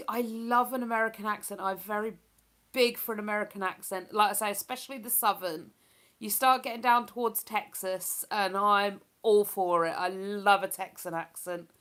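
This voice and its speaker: Reading her chat aloud, a woman streamer speaks in a mid-range, sharp-toned voice. Her talk is loose and rambling, broken up by laughter at what viewers write.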